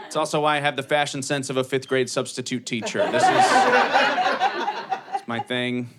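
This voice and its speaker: A man's voice: mid-range voice, fairly even intonation, normal speed, long pauses. A man in his thirties from Cleveland doing a live stand-up set on a comedy club stage, with a dry, tired, self-deprecating delivery. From Cleveland, USA. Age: 30s. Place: comedy club stage before a laughing audience. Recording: live club recording with loud audience noise.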